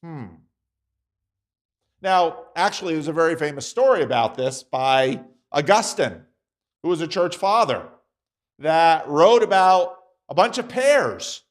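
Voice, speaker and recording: Male Sunday school teacher, high and lively voice, unhurried, chatty classroom delivery. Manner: conversational, acts out voices in examples. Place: church classroom.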